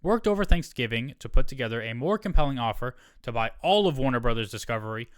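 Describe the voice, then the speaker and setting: A male podcast host reads a news article aloud and breaks off for casual asides and quick corrections. His voice is smooth and resonant at a middle pitch. The sound is dry and close, with no room echo. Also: fairly bright tone. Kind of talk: solo podcast, reading a news article with commentary.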